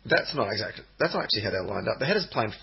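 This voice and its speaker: On a football podcast, a male co-host rambles casually with lots of ums and hesitations, getting animated when he tells stories. His voice is lowish, rapid-fire, breathy and edged with vocal fry, in dull lo-fi podcast audio.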